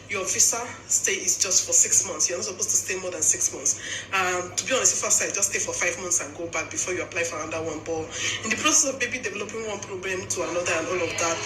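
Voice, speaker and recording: A woman's voice: mid-range voice, pushed and bright. A young woman vlogger telling a story in a chatty, emphatic way, often adding tag questions. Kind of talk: casual storytelling chat. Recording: roomy with faint noise.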